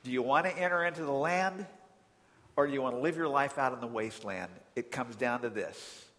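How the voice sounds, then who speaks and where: A man preaching a sermon, telling a personal story in an animated way that swings from quiet to loud exasperation. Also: medium pitch, fairly quick, big-room sound. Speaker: pastor.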